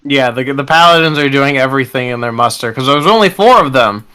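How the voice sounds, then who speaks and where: A man narrating a tabletop game as its game master, in casual, descriptive narration. His voice is bright and forward, with a smooth, clear tone. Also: mid-range voice, lively intonation, fast talker, low-quality recording.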